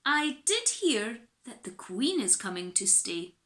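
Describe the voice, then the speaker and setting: A woman's voice: a little high, very animated, takes it slowly, fairly bright tone, full character voice. A woman voicing a reluctant magic mirror that answers in a grudging, matter-of-fact way, in an echoey room.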